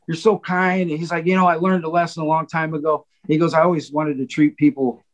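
Rambling storyteller man, slightly high voice. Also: little pitch movement, fast talker, low-quality recording. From Cleveland, Ohio. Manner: rambling, many fillers and quoted asides. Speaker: guest drummer. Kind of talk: storytelling in a casual chat.

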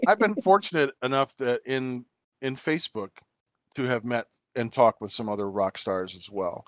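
Soft-spoken rambling man, dry sound. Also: medium pitch, moderate pace, no room sound, dull audio. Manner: rambling, hesitant storytelling with many fillers. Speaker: podcast co-host. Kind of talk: casual chat.

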